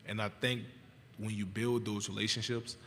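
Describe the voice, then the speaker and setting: A college football player in his twenties from Louisiana fields press conference questions in a low, flat, calm voice, pausing with fillers and restarting sentences. The audio carries the long reverb of a large hall, with faint background noise.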